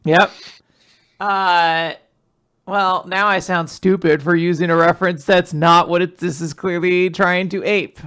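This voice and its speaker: A podcast host casually recapping manga chapters, rambling and animated, with frequent asides. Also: mid-range voice, a little slow, clear, resonant tone. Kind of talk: casual chat.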